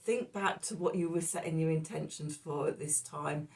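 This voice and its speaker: A woman's voice: deep voice, normal speed, a little mellow, far from the mic. A woman reading tarot and astrology in a loose, rambling way, stopping herself and using fillers, with a cough that keeps breaking in. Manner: rambling, self-interrupting, with fillers. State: coughing, hoarse. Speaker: tarot reader. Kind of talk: casual astrology and tarot talk.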